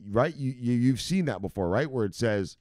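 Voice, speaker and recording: A man hosting a crypto news stream, talking casually with slang and loud shout-outs, explaining things step by step. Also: mid-range voice, expressive, moderate pace, no room sound, clean studio sound. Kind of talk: casual livestream talk.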